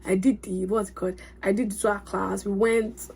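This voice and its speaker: A young woman telling a story to her vlog in an excitable, chatty way. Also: mid-range voice, moderate pace, slightly rough. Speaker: vlogger.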